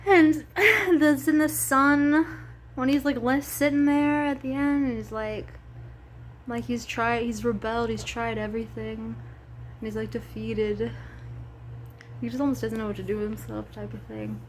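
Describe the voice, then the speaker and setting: A woman's voice: fairly high pitch, little pitch movement, unhurried, slight background noise. A woman vlogger chatting casually and emotionally about a video game, rambling with many fillers. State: tearful at times.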